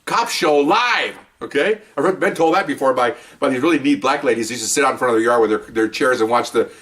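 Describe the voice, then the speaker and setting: A man's voice: medium pitch, quick pace, a bit bright, far from the mic. An older man, a retired police officer, casually telling a story from the job, acting out scenes with sudden yelps and laughter.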